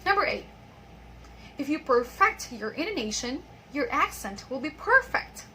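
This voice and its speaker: A woman teaching an online English pronunciation lesson, patiently reading example sentences and repeating them slowly. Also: high-pitched, very animated, sharp tone, a little hiss or hum, low-quality recording.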